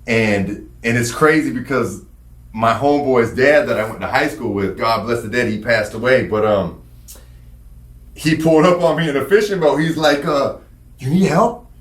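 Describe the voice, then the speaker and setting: A man casually telling a long personal story, animated and profane. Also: medium pitch, moderate pace, reverberant. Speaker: podcast guest telling his story.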